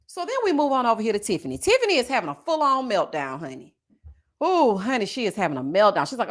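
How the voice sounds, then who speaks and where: A woman hosting a live review of a reality show, sassy and expressive, talking straight to her viewers. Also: a little high, fairly quick.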